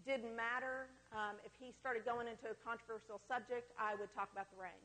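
A woman's voice: a little high, steady tone, fairly quick, sharp tone. Woman telling a candid testimony in a hall. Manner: candid, conversational, with self-deprecating humor. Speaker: speaker at a women's church gathering. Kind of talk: personal testimony talk. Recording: long hall reverb.

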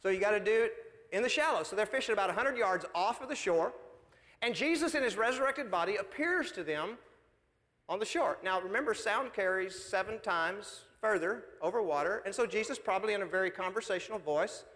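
A man pastor, preaching a sermon with animated, folksy storytelling. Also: sits high, fairly quick. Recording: reverberant hall.

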